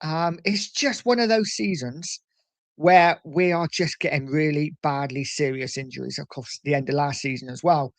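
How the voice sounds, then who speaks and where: A man hosting a casual livestream in a fairly high, easygoing voice. He reads out viewers' comments and answers them, calling everyone mate. The sound is dry and close to the mic. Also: normal speed, dry recording. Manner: chatty, calls viewers mate. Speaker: livestream host reading chat. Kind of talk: casual chat.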